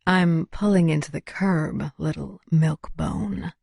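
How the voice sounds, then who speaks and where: A woman's voice: low voice, takes it slowly, gravelly, darkish tone, husky, no echo, studio quality, exaggerated voice. A woman doing a feisty, drawling werewolf driver. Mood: teasing. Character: tough female werewolf driver, feisty, teasing.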